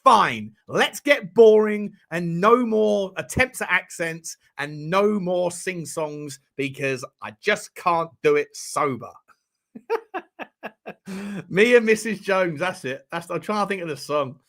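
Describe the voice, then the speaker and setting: Rambling high-voiced bloke. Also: male voice, expressive, takes it slowly, a bit bright. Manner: rambling, jokey, banters with chat. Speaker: fan channel host. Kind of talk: casual live-stream chat.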